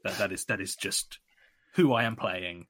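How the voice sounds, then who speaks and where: A man's voice: deep voice, normal speed, a bit bright. A British man chatting and joking as a player in a tabletop game, rambling with many fillers. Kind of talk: casual tabletop game chat.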